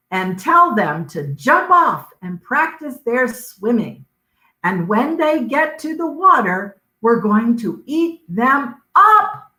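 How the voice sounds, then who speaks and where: A woman's voice: fairly high pitch, bright, forceful tone, reverberant, voice pushed up, exaggerated voice. A woman voicing a hungry, scheming male crocodile in a storybook read-aloud, gleeful and greedy.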